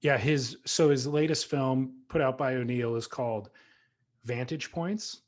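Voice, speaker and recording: A man's voice: medium pitch, a little slow. Enthusiastic male podcast co-host. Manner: enthusiastic, teasing banter. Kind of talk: casual chat.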